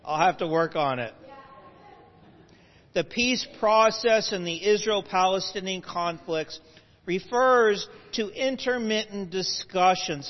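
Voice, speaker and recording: A man with a high-pitched voice lectures a live audience, explaining patiently and breaking off for asides and self-corrections. His voice carries a long hall reverb, and the recording sounds muffled and lo-fi.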